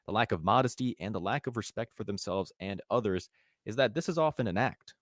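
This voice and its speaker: A man reading scripted voice-over narration with a measured, grave delivery. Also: on the low side, lively intonation, no room sound, clean studio sound.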